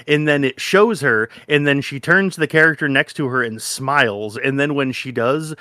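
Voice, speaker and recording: A man in his thirties co-hosting a podcast, chatting casually and excitedly, swearing often and acting out his own reactions. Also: medium pitch, normal speed, hardly any pauses, no echo, clean studio sound. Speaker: podcast co-host. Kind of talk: casual chat.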